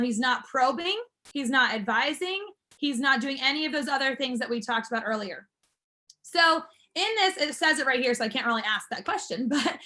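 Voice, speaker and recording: A woman's voice: high-pitched, bright, forceful tone. A woman instructor teaching a class, explaining step by step in an upbeat, encouraging manner. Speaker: martial arts school instructor.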